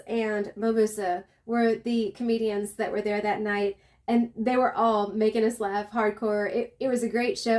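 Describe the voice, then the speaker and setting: A chatty woman with a light Southern accent tells her travel story in a rambling, friendly way. Her voice sits a little high, and she trips over words and restarts sentences as she goes. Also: a little mellow. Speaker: travel vlogger. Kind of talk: casual storytelling.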